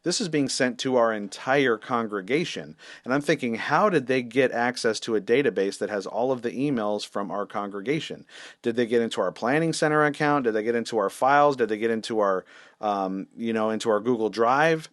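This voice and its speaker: A man's voice: medium pitch, a little fast, no room sound, clean studio sound. A man, a senior pastor, telling a story in a casual, wry, self-deprecating way with lots of fillers.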